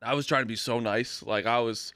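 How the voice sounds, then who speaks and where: A man's voice: medium pitch, steady tone, brisk, pushed and bright, no room sound, studio quality. Man with a mid-range voice, casual banter. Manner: laid-back, swearing, quoting others in a story. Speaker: podcast co-host. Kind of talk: casual chat.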